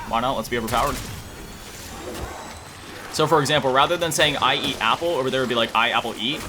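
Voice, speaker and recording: A man's voice: medium pitch, background noise. A man chatting casually while playing a video game, rambling and self-deprecating, often trailing off to recall words. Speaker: gaming YouTuber.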